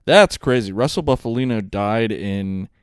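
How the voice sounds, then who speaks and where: A man's voice: on the low side, animated, normal speed, smooth, no echo, clean studio sound. A young man co-hosting a podcast, telling rambling stories in casual chat and laughing often. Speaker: podcast co-host.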